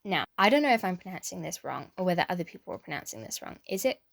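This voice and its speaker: A woman's voice: on the low side, big pitch swings, fast talker, creaky, a bit bright. Chatty British woman reviewing films. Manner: chatty, thinks aloud with small restarts and hedges. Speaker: film vlogger. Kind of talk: casual chat, film review.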